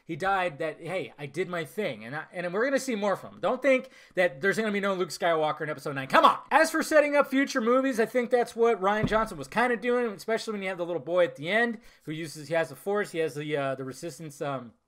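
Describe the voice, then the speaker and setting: A man's voice: sits high, animated, fast talker, hardly any pauses, fairly bright tone. A man giving a casual, enthusiastic spoken movie review, rambling with fillers and restarts. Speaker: film reviewer.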